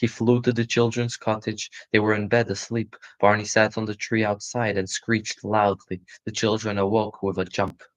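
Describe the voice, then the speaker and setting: A man giving a live reading of a children's storybook in a calm, steady voice. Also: fairly low pitch, moderate pace, hardly any pauses. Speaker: storybook reader. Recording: muffled lo-fi recording.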